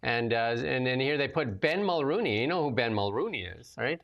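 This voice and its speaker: A man's voice: medium pitch, animated, creaky, dull audio. A man co-hosting a political talk show, giving blunt, opinionated commentary. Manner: opinionated, blunt, rapid asides. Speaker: co-host.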